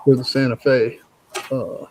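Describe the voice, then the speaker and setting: An older man hosting a casual live chat, telling folksy stories in an unhurried way with chuckles. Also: medium pitch, level tone, darkish tone, a little hiss or hum, poor audio. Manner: slow, folksy storytelling with chuckles. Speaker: host.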